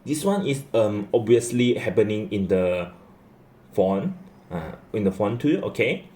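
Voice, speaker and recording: Slow, lively-voiced male Mandarin teacher. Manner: repeats key phrases, checks with "okay?"; lively rising and falling pitch. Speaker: Chinese language teacher. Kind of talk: slow classroom explanation.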